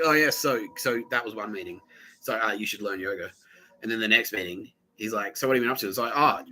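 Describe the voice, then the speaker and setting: A man's voice: on the low side, poor audio. A man in his thirties with an Australian accent, hosting a podcast and telling a rambling, profane story in a casual monologue. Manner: rambling, profane, animated quoted voices. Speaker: podcast host.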